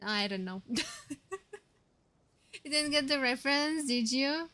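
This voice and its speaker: A woman's voice: high-pitched, unhurried, pauses often, sharp tone. A young woman streaming a game, chatting casually and playfully with her viewers. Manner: giggly and playful, reacting to chat. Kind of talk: casual live-stream commentary.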